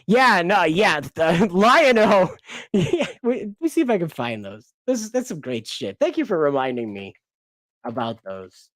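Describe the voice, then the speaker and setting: A man's voice: high-pitched, big pitch swings, measured pace, a bit bright, dry recording, studio quality. A man hosting a casual commentary stream, rambling and swearing with frequent laughs. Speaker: host.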